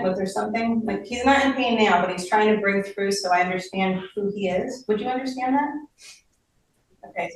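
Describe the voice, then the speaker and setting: A woman medium leading a live group session, speaking gently and tentatively, often trailing off and checking in with her listeners. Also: medium pitch. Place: community gathering room. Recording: echoey room recorded from far off with faint noise.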